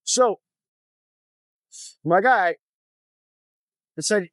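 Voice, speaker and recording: A man with a very high voice and a smooth, clear tone talks straight to the camera from his motorcycle. His stories are blunt and full of swearing, told in a loose, casual vlog style. The sound is close and dry, with almost no room around it. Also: moderate pace, long pauses, fairly bright tone, dry recording. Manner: blunt, profane storytelling. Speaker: motorcycle vlogger. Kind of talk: casual vlog talk while riding. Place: on a motorcycle on the road.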